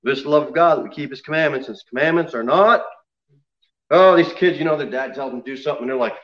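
A man's voice: mid-range voice, fast talker, fairly bright tone, lo-fi sound. A man preaching a sermon to his congregation in an emphatic way, often asking them questions. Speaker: pastor.

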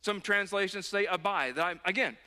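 A man's voice: high-pitched, brisk, bright, forceful tone, clean tone. A man preaching a sermon as a pastor, earnest and urging, repeating phrases for emphasis. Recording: long hall reverb.

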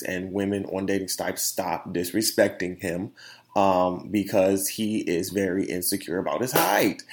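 A young man hosting a podcast, telling a story in a casual, animated opinion monologue full of slang and laughter. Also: deep voice. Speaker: podcast host.

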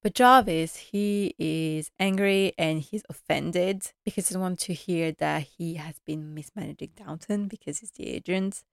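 A woman's voice: lowish voice, unhurried, vocal fry, few pauses, no echo, studio quality. Chatty, laughing woman reviewer. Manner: enthusiastic, chatty, laughing often; acts out characters' lines. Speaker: TV episode reviewer. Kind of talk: casual recap vlog.

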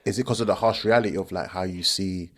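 A man's voice: deep voice, quick pace, a bit bright. A man hosting a casual podcast chat with slangy, upbeat remarks. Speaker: podcast host.

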